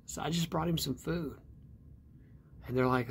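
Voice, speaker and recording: A pastor from Virginia, telling a story in an earnest, plain-spoken way and repeating phrases for emphasis. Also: male voice, mid-range voice, steady tone, a little fast, darkish tone. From West Virginia. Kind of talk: storytelling sermon.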